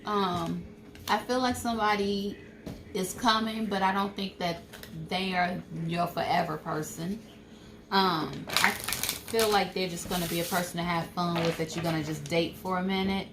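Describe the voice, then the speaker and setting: A woman's voice: fairly low pitch, fairly even intonation, normal speed, background noise. A woman giving a casual tarot reading, hesitant and full of "um" and "I feel like". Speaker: tarot card reader, co-host. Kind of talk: casual live card reading.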